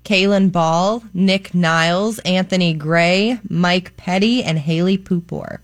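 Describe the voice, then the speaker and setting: A woman's voice: lowish voice, slow, dry recording. A woman from Florida co-hosting a morning radio show, friendly and modest in her chat. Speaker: radio co-host. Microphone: studio microphone.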